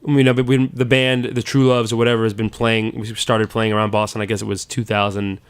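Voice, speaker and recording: A man's voice: lowish voice, little pitch movement, a little fast, clear, resonant tone. A man, a guest soul musician, chatting casually in an interview, rambling and restarting his sentences. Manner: rambling, restarts and repeats words. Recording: loud guitar music under the voice. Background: loud guitar music.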